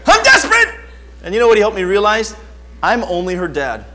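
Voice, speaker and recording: Animated middle-aged man preaching. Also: high-pitched, fast, background noise. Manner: animated storytelling, swings from quiet to near-shouting. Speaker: pastor. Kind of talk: sermon.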